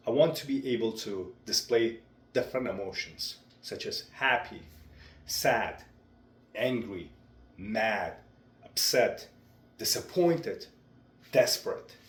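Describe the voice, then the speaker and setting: Measured young man, roomy echo. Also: fairly low pitch. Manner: deliberate, measured delivery. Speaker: vlogger. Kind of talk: reflective speech-practice vlog.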